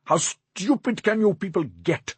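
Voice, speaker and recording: A man voicing an irritable, arrogant young rich employer who shouts at his servant with contempt. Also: high-pitched, measured pace, husky, dry recording, voice pushed up, full character voice. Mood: exasperated.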